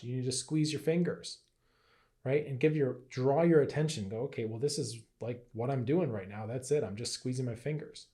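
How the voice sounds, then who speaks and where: Mellow-voiced man teaching casually. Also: medium pitch. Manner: conversational, keeps asking "right?"; acts out playful inner voices. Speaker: health and Qigong teacher. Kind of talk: casual teaching talk to camera.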